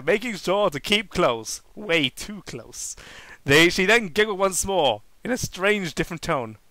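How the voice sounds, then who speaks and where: A man's voice: high-pitched, pushed and bright, clean tone, dry recording, low-quality recording. A man giving a mock-dramatic comedic reading aloud, hammy and prone to outbursts. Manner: hammy, breaks into laughter and outbursts. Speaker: reader.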